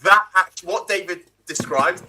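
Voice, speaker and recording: A man on a live panel, telling a quick, expressive anecdote in casual chat. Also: high-pitched, a crowd in the background.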